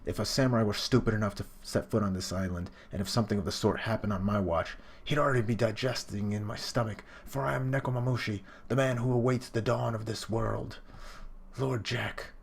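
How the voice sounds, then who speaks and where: A man's voice: lowish voice, fairly even intonation, a little fast, gravelly, breathy edge. A man reading a huge, boastful male cat warrior who rules his land, in a proclaiming manner. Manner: proclaiming, declamatory.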